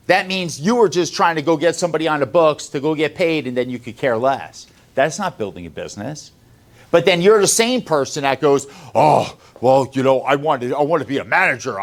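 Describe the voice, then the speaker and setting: Addressing his sales staff, the company's owner delivers a motivational lecture that is blunt and full of swearing. He keeps shifting from loud to low.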